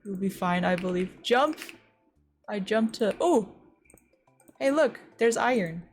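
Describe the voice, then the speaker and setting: A young American woman from the West Coast, streaming a game and chatting casually, full of "like" fillers and quick gasps and squeals. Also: mid-range voice, faint music behind. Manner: chatty, says "like" a lot, startled gasps and squeals while playing. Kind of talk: casual chat while gaming.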